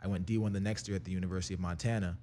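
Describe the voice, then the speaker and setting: Fast-talking young man, low voice. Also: a little hiss or hum. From Canada. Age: young adult. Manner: fast, energetic, profane storytelling. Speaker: interview guest, rapper. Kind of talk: casual storytelling.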